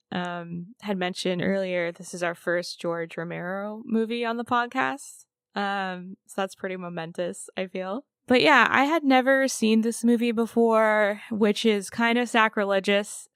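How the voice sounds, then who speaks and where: Smooth-voiced woman co-hosting a podcast. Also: mid-range voice, fairly bright tone, no room sound, studio quality. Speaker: podcast co-host. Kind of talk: casual podcast chat.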